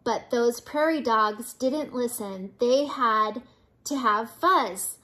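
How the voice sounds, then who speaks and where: Grandma reading a kids picture book out loud, high voice, takes it slow, playful animal voices. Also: female voice. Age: older. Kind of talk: children's picture book read-aloud.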